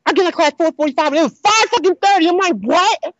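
Young woman ranting on her podcast, high voice, swears a lot, dry dull mic. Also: rapid-fire, no echo. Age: young adult. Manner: rambling, animated, swears freely. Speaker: podcast host. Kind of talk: casual storytelling monologue.

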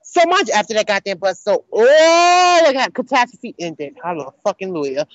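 A young woman hosting a podcast, telling a rambling, animated story about her college day and swearing freely. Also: mid-range voice, a little fast, dry recording. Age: young adult. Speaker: podcast host. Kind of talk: casual storytelling monologue. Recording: dull lo-fi dry sound.

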